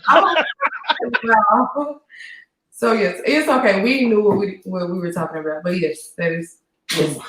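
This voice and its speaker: A woman's voice: mid-range voice, measured pace, a bit bright, a little hiss or hum. Friendly woman guest, roomy echo. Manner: friendly, laughs easily. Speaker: podcast guest. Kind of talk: casual live-stream chat.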